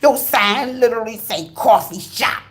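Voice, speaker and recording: A woman from the USA, hosting her channel and telling a casual story in a blunt, profane, expressive way straight to her viewers. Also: a little high, moderate pace. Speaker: channel host.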